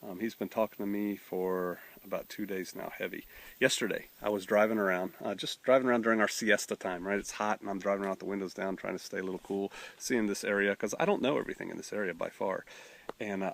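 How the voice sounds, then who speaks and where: A man's voice: lowish voice, gravelly. A middle-aged man, a pastor telling a folksy story and acting out the voices of the people in it. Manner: folksy, drawling, acts out voices in his story. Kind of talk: storytelling testimony.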